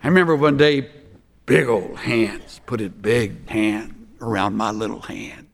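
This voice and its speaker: Older male pastor, gravelly, unhurried sermon delivery with hushed-to-shouted swings, big reverberant hall. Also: fairly low pitch.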